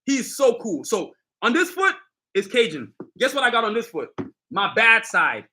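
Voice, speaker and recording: A man's voice: high voice, wildly swooping pitch, moderate pace, sharp tone. A middle-aged man hosting a casual live stream, talking up his own sneaker line with boastful street slang and constant direct talk to viewers. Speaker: sneaker designer and channel host.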